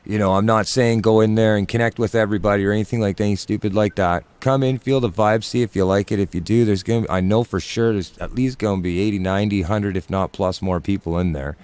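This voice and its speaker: A man with a deep, low voice tells a rambling, filler-heavy story in casual stream chat. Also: fairly even intonation, fast talker, few pauses, a little mellow, smooth. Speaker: musician and regular on a live stream chat.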